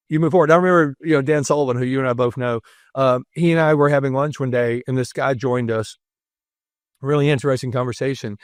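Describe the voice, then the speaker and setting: A man's voice: on the high side, dry recording, studio quality. A middle-aged man, a podcast guest, talking earnestly and telling reflective stories with quoted dialogue. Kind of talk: reflective storytelling.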